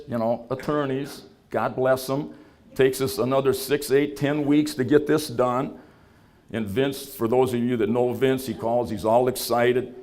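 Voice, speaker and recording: A man giving a business talk at an event, telling a story in a folksy way and acting out the voices of people he quotes. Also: medium pitch. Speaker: startup founder giving a talk. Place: event venue.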